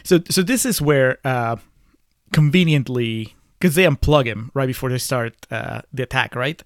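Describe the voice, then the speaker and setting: Podcast co-host, mid-pitched man, chuckling and hesitant critic, dry close mic. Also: normal speed, dry recording. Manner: chuckling, hesitant with uhs, posing hypotheticals. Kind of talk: casual movie review chat.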